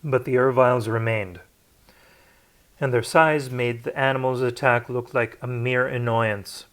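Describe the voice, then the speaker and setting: A man reading a novel aloud, unrehearsed, with occasional slips and restarts. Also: medium pitch. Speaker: audiobook narrator. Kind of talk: unrehearsed read-aloud narration.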